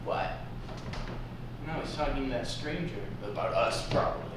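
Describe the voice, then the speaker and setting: A woman's voice: rumbling low, animated, moderate pace. A woman playing a bitter sardonic young woman. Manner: sarcastic, dramatic. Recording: echoey room, distant mic, noisy.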